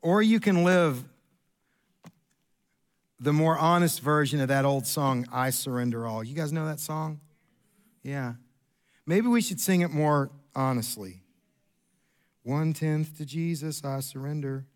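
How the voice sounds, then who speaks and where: A middle-aged man preaching a sermon in a church, an animated storyteller who jumps his pitch up for quoted lines. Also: unhurried, pauses often. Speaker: pastor. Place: church sanctuary.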